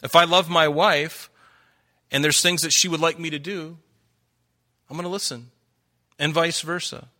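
A male pastor delivering a sermon in a bright, slightly high voice. He speaks emphatically, pushing his listeners with rhetorical questions between scripture readings. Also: steady tone, normal speed, pauses often. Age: adult.

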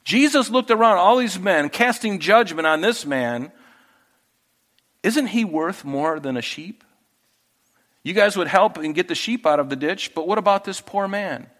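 A man preaching a sermon, who swings from loud, emphatic scripture reading to quiet, intimate asides. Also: sits high, animated, a little slow. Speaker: pastor.

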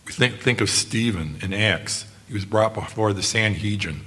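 Male preacher, low voice, earnest and measured sermon delivery. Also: sharp tone. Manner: earnest, measured, slows on quoted passages.

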